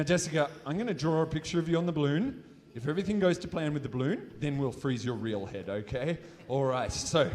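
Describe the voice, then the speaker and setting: A man's voice: fairly high pitch, darkish tone. An Australian man presenting a live science demonstration on stage, playful and jokey with a volunteer and the crowd. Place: stage in a large hall with an audience. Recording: reverberant hall.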